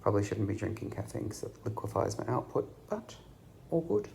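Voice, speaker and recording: A little hiss or hum runs under this recording of an Australian man talking to the camera from his hospital bed while he recovers from surgery. His lowish, gravelly voice has a darkish tone and moves fast, and his rambling chat is full of ums.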